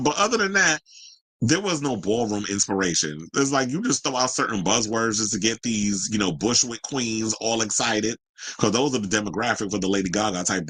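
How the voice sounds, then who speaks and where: A man's voice: on the low side, sharp tone, low-quality recording. A man hosting a casual solo pop culture commentary show, chatty and sassy with rambling asides.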